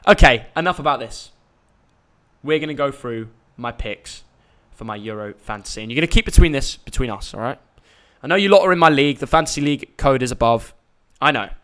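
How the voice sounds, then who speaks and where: A man's voice: medium pitch, animated, brisk, a bit bright. Chatty young man rambling. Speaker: YouTube host. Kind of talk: casual live-stream chat.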